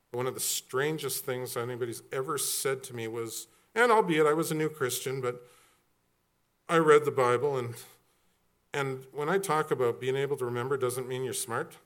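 A middle-aged man preaching a sermon as pastor, animated and joking, with quick storytelling asides. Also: mid-range voice.

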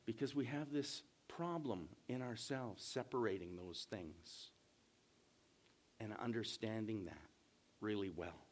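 Slow, emphatic male pastor. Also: fairly low pitch. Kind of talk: sermon.

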